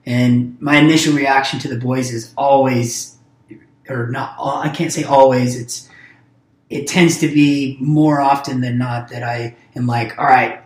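A man's voice: medium pitch, fairly even intonation. Reflective man, echoey room. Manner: reflective, halting, restarts often. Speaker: podcast co-host, father. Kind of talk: casual conversation.

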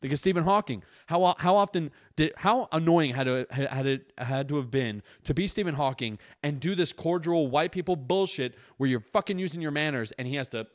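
A young adult man hosting a casual solo podcast, telling an animated, exaggerated story and swearing constantly while sitting on a couch indoors. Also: a little high, a little fast, hardly any pauses. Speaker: podcast host.

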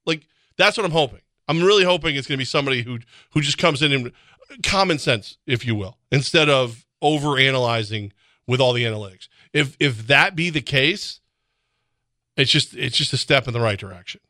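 Animated sports radio man, bright voice. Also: a little high, fast talker, no echo, studio quality. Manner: animated, laughs often, acts out imagined dialogue. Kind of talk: casual sports talk.

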